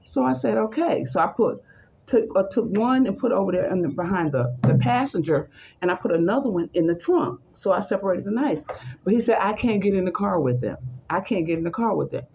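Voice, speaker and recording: Woman storyteller, gravelly voice, acts out the voices she quotes, dull lo-fi recording with faint hiss. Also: mid-range voice, lively intonation, a little fast. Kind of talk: personal story told in conversation.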